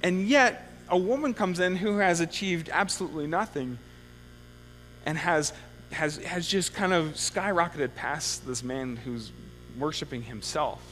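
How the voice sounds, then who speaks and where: Male pastor, conversational sermon, slightly high voice, long church reverb, faint hum. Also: unhurried, fairly bright tone. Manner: conversational preaching with frequent "okay?" check-ins. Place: church sanctuary.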